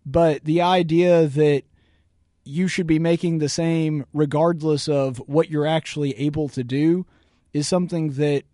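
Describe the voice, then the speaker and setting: A man's voice: fairly high pitch, warm tone, dry recording, studio quality. A man with a Southern US accent, hosting a radio show and arguing point by point against a video clip. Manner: argumentative, repeats words for emphasis. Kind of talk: political commentary reacting to a video.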